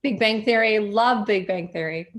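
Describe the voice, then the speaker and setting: A woman hosting an online event chats in a relaxed, friendly way with her guest. Her voice sits at an ordinary middle pitch for a woman, and her talk is easygoing and conversational. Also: normal speed. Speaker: webinar host. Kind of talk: casual chat with the speaker.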